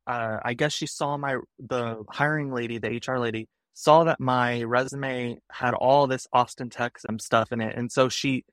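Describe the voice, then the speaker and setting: A man's voice: medium pitch, steady tone, normal speed, few pauses, a bit bright, dry recording, studio quality. A young adult man, a podcast guest, telling casual stories and animatedly acting out the people he quotes. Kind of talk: casual storytelling.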